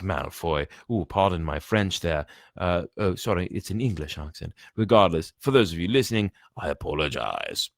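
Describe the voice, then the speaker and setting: A man's voice: deep voice, no echo, clean studio sound. A man reading a book aloud, often stumbling and restarting, with chatty asides. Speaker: reader.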